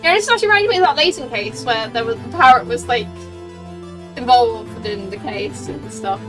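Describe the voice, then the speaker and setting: Chatty high-voiced woman streamer. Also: moderate pace. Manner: chatty, rambling. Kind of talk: game stream commentary. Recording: distant mic with game music.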